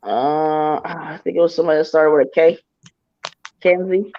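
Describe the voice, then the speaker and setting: A woman's voice: low voice, normal speed, dull audio. A woman giving a live psychic reading over a video call, earnest and encouraging as she speaks straight to the sitter. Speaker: psychic medium.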